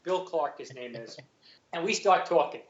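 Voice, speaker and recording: A middle-aged man with a New York accent, a guest telling a story in animated, chatty fashion, acting out other people's lines and laughing often. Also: fairly high pitch, moderate pace. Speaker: guest, actor and former police sergeant. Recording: roomy, slightly dull lo-fi sound.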